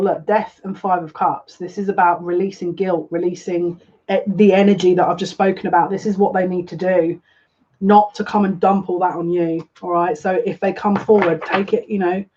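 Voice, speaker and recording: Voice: mid-range voice, little pitch movement, moderate pace, darkish tone. A tarot reader giving a live reading in a casual way. They often repeat phrases and keep saying "yeah, look.". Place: home room, lighting incense. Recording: dull lo-fi with faint noise.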